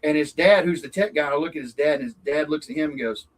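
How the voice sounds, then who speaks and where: A middle-aged man, a racing dad, chatting as an interview guest and telling animated stories with acted-out quotes. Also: fairly high pitch, quick pace, low-quality recording. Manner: animated storyteller acting out quotes. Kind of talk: casual interview chat.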